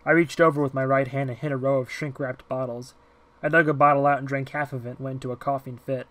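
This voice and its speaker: A man narrating a novel as an amateur audiobook reader, in a plain, steady way. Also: medium pitch, quick pace.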